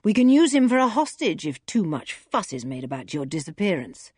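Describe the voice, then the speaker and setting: Woman playing a menacing male villain, curt, threatening, lowered pitch, audiobook. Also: very animated, fairly quick, dark tone, slightly rough, dry recording, clean studio sound.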